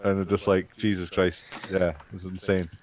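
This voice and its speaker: A man's voice: low-pitched, level tone, moderate pace, crowd noise. Young Scottish man ranting casually. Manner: swears freely, exasperated ranting. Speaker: tabletop game player. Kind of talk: casual chat.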